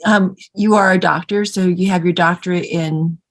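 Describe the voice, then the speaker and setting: A woman hosting an interview, asking effusive, halting questions with many restarts. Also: lowish voice, steady tone. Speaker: interview host.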